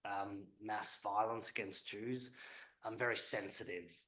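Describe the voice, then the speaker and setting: Low-voiced man giving a halting talk. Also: fairly even intonation, bright, forceful tone, roomy sound, poor audio. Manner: conversational, hesitant with many ums. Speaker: panel speaker, historian. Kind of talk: public talk at an event.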